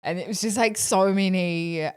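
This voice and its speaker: A woman co-hosting a money podcast in casual chat, talking fast with lots of "like" and retelling stories with quoted voices. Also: mid-range voice, darkish tone, clean tone, no echo, clean studio sound. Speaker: podcast co-host.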